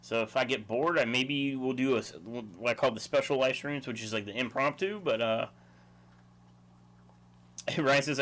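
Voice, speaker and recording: Livestream host, male, easygoing, chuckly, mid-pitched, rambling chat. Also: measured pace, long pauses, a bit bright.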